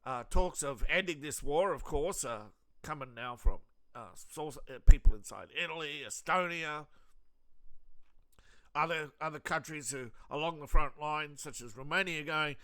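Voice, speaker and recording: A man's voice: fairly high pitch, normal speed, sharp tone. An Australian man hosting casual political commentary, sarcastic and rambling, with many fillers and restarts. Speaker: host of a news commentary channel.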